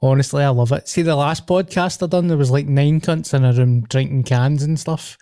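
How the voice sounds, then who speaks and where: A man's voice: on the high side, normal speed, dark tone, clean tone, dry recording, studio quality. A man with a Glaswegian Scottish accent hosting a podcast, chatting casually in sweary, laughing banter. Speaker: podcast host. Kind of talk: casual chat.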